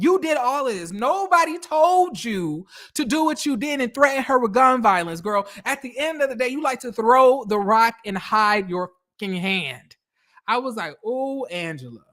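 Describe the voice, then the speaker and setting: Blunt, profane woman commentator, higher voice. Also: expressive, a little slow, fairly bright tone. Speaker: reality TV commentator. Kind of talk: casual recap commentary.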